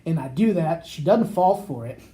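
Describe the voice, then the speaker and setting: A man's voice: a little high, normal speed. A man co-hosting a podcast, telling a long casual anecdote and acting out the people in it. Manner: rambling, animated anecdote with acted quotes. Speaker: podcast co-host. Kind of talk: casual storytelling chat.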